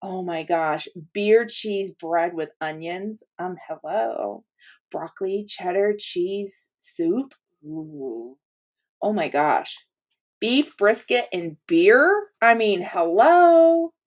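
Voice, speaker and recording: A woman's voice: lowish voice, lively intonation, slow. A woman hosting her own channel, chatting casually to viewers while opening gifts at home, gushing with gasps, little laughs and exclamations. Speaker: channel host. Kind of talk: casual unboxing chat to viewers.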